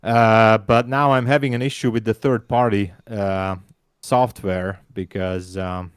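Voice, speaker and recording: A man's voice: fairly low pitch, steady tone, measured pace, smooth, dry recording, clean studio sound. A man whose first language is Hungarian, co-hosting a live trading stream in casual chat. He speaks English with a Hungarian accent, often stumbles, repeats words and laughs.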